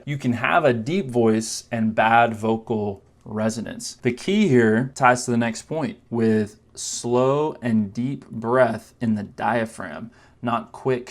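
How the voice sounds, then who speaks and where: Man coaching on confidence in a casual tone. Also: medium pitch. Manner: conversational, explains with quick demos and mock voices. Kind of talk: direct-to-camera coaching talk.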